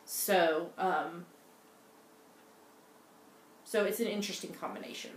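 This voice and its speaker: Here a mother in middle age rambles casually on the knitting podcast she co-hosts with her daughter, full of fillers and restarts, recorded at home in Scotland. Her voice is lowish and her pace slow. There's a roomy echo and some faint noise.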